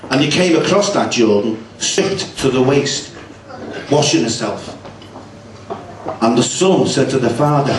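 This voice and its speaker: A man's voice: medium pitch, animated, a little slow, pauses often, noisy background. A man doing a stand-up routine and bantering cheekily with the audience. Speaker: stand-up comedian. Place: social club stage. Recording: echoey club room, distant mic, crowd. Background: audience laughing.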